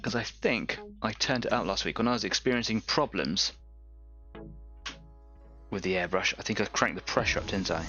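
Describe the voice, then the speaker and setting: Chatty man, bright low voice. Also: normal speed, pauses often, muffled recording, soft background music. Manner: chatty, rambling, laughs at his own jokes. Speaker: host of a live painting stream. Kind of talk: casual live-stream painting chat.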